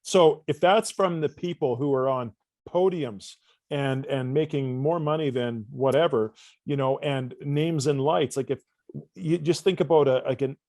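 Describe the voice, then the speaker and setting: A man, a coach guest on a podcast interview, telling stories with lively, acted-out dialogue in a casual conversational way. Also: medium pitch, a little slow, no echo. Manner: animated storyteller, acts out dialogue.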